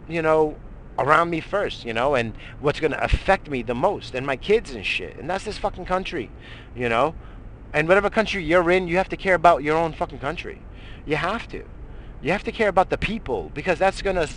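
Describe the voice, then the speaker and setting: Middle-aged male radio host, profane rambling rant, slightly high voice, faint noise underneath. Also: a bit bright. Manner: heated, swears constantly, rambling with restarts.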